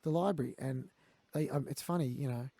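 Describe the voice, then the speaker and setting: A man's voice: medium pitch, fairly quick, gravelly, dark tone, no room sound. An Australian man telling candid stories as a guest in a conversation, blunt and peppered with swearing. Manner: blunt, swears, quotes others.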